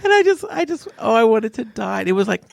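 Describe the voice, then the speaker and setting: A man with a gravelly, creaky voice tells stories in a casual conversation, jumping up and down in pitch as he acts out the people he quotes. He sounds close to the mic, and the sound is dry. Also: fast, no room sound. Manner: animated storyteller who acts out quoted voices. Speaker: father sharing his story.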